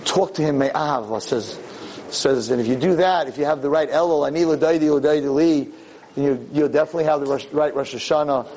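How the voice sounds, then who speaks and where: Impassioned rabbi preaching. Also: male voice, on the high side, a little fast, slight background noise, low-quality recording. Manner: rising to loud impassioned preaching. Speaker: rabbi lecturing. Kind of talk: Torah class sermon.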